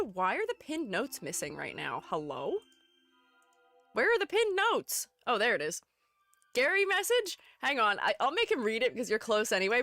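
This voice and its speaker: A woman's voice: medium pitch, fairly bright tone. A young adult woman streaming live, chatting casually, reading chat messages aloud and laughing often. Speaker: streamer and art educator.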